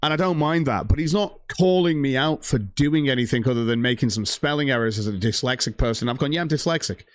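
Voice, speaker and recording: A stream host rants heatedly and profanely about a rival streamer while reading out viewer donations. His medium-pitched voice is smooth and brisk, with no echo.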